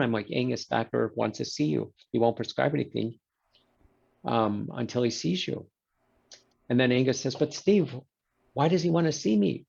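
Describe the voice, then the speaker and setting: A man with a husky mid-range voice and vocal fry appears as a guest in a conversation, with the high frequencies cut off. He's an animated storyteller, acting out the quoted exchanges as he narrates.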